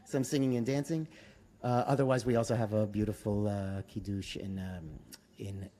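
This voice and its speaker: A rabbi leading a Shabbat service, earnest in tone, with halting restarts when he speaks off the cuff. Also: lowish voice, fairly even intonation, mellow.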